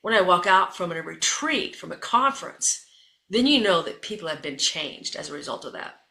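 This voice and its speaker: A middle-aged woman with a bright, forceful voice tells an animated story to her listeners. She sounds like a seasoned speaker, and the room around her gives her voice a noticeable echo. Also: on the low side, moderate pace, gravelly. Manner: lively, addresses listeners as folks. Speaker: guest, keynote speaker and coach. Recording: roomy echo.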